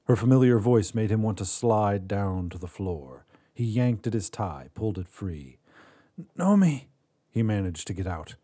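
A man hosting a fiction podcast, reading a short story in a measured way that drops quiet on sad moments. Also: fairly low pitch. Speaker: podcast host and narrator. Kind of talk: scripted story narration.

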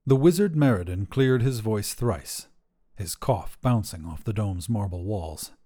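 A man narrating a fantasy short story in a measured, dry way. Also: lowish voice, lively intonation, dark tone.

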